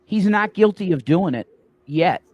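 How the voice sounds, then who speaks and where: A man's voice: high voice, animated, measured pace, lo-fi sound. A man co-hosting a livestream, talking politics in a casual, emphatic and preachy way that builds to a raised voice. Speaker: livestream co-host. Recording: dry close sound.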